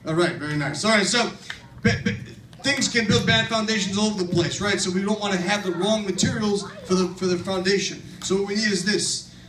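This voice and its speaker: A man playing a brash male construction foreman who teaches kids in a children's church skit, with a loud, bossy, tough-guy patter. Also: high voice, a little fast, slight background noise. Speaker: kids' camp skit performer. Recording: echoey hall, far from mic, audience.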